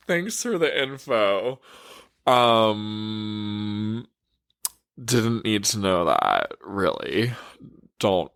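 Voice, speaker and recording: A man's voice: lowish voice, sing-song, slow pace, fairly bright tone, no room sound, studio quality. A man, a relationship coach, telling a frank, profane story in a casual storytime, full of "like" fillers.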